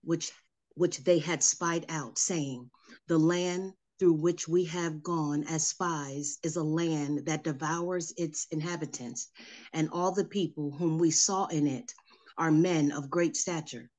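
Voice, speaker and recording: A woman reading scripture aloud at a Bible study, halting and repeating words as she goes. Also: low voice, steady tone, darkish tone.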